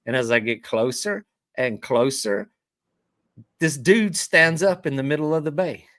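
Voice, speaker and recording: A man's voice: mid-range voice, unhurried, no room sound, studio quality. A middle-aged man, a fishing guide, telling a story in a casual way and acting out what people said. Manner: animated storyteller who acts out quoted dialogue.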